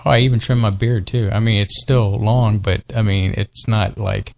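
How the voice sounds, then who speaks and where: A man with a low, gravelly voice co-hosts a live internet talk show in relaxed, casual chat. He rambles and fills his sentences with "you know" and "um.". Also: moderate pace. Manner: rambling, many fillers. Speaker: podcast co-host.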